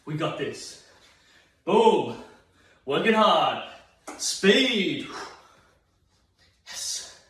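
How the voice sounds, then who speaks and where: A man's voice: high-pitched, big pitch swings, drawn-out words, long pauses, fairly bright tone. An Australian man leading a seated exercise class, upbeat and encouraging, counting reps aloud and getting out of breath. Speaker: fitness instructor. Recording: very echoey room, mic far off.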